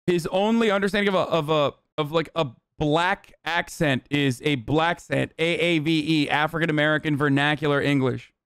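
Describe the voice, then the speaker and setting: A man's voice: on the high side, steady tone, normal speed, few pauses, fairly bright tone, smooth, no echo, studio quality. A man hosting a livestream, giving loose, profane, chatty reaction commentary. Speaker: livestream host.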